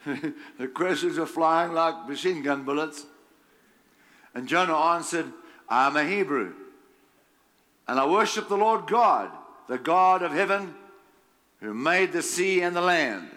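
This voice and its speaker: A man's voice: on the high side, animated, sharp tone. A man preaching a sermon, reading scripture aloud and adding his own emphatic remarks with frequent chuckles. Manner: slow, emphatic delivery with chuckles.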